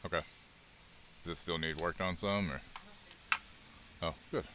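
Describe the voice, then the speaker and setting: A man's voice: low voice, steady tone, unhurried, dull audio, heavy background noise. A man chatting casually on a live game stream, rambling and swearing freely. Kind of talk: casual live gameplay chat.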